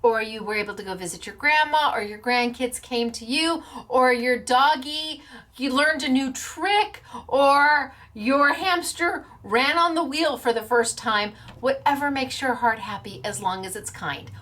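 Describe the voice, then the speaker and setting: A woman's voice: high voice, a little slow, sharp tone. A woman hosting a craft show in casual chat, bubbly and playful as she announces giveaway winners. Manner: bubbly, playful, stumbles over names with laughs.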